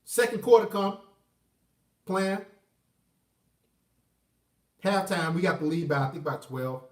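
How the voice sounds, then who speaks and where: A man casually telling a personal story, animated and profane, swinging between loud outbursts and low mutters. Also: slow, long pauses. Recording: roomy echo, mic at a distance.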